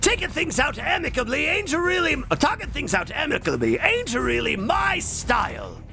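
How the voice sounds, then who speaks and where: An actor playing a cocky, rowdy yakuza pirate captain in a video game, with game music behind. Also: male voice, very high-pitched, wildly swooping pitch, moderate pace, gravelly, pushed and bright, heavily acted. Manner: cocky, brash. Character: brash male yakuza pirate captain, rowdy, middle-aged.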